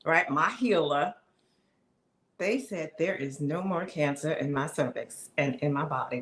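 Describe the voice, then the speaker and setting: A woman hosting her own live stream, chatting excitedly and preaching straight to her viewers. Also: deep voice, measured pace, reverberant. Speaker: live show host.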